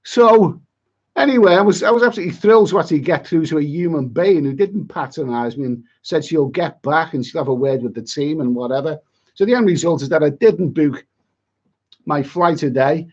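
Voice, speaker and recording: A man's voice: on the high side, expressive, fairly quick, darkish tone, highs cut off. A middle-aged man on a livestream, chatty and exasperated, rambling with many repeats and asides. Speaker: travel vlogger on a livestream.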